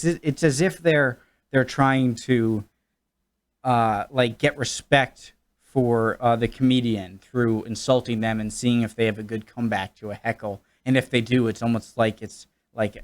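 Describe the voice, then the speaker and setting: A man from New England with an American accent, chatting casually as a YouTube reactor, hesitant and self-deprecating with many restarts. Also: medium pitch. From New England, United States.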